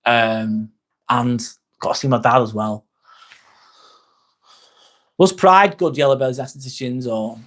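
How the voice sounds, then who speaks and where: A man's voice: mid-range voice, a little slow, pauses often, a bit bright. A young man hosting a casual livestream, reading viewers' comments aloud and answering them in a chatty, reassuring way. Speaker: livestream host. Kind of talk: casual live-stream chat reading comments.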